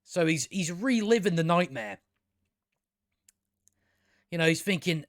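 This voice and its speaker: A man's voice: a little high, expressive, unhurried, pauses often. A man giving a rambling, sweary, mocking commentary while reviewing a show. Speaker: video reviewer. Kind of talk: casual commentary over clips.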